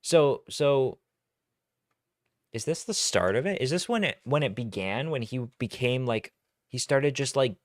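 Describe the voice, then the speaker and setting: A man's voice: medium pitch, expressive, measured pace, no room sound, studio quality. A man streaming casual reaction commentary, blunt, crude and mocking.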